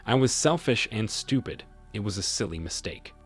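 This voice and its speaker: A man's voice: fairly low pitch, lively intonation, moderate pace, a bit bright, husky, faint music behind. A man reading the lines of a tearful, pleading young woman in an audio story, apologizing to her fiancé.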